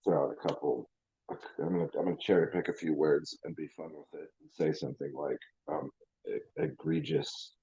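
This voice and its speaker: A man's voice: rumbling low, steady tone, brisk, warm tone, slightly rough, dull audio. A man hosting his channel, ranting in a rambling, profane way with lots of restarts. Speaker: channel host. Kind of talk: casual livestream rant.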